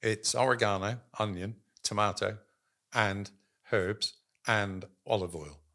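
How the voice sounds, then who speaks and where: A man's voice: on the low side, slow pace, pushed and bright. A man talking as a guest in a casual business chat, telling stories animatedly, acting out quotes and using many ums and uhs.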